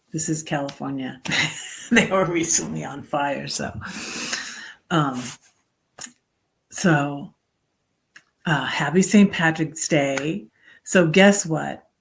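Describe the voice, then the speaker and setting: Middle-aged woman, low and unhurried, rambling livestream host full of ums. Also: gravelly. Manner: rambling, halting with many ums, greets viewers brightly. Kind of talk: casual livestream chat.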